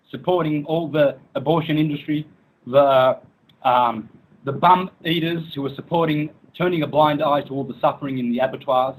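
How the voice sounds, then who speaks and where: The audio is poor, and the man's voice is fairly high. Guesting in an online interview, he delivers an angry, menacing rant full of mockery, cursing and scornful laughter, sometimes veering into threats.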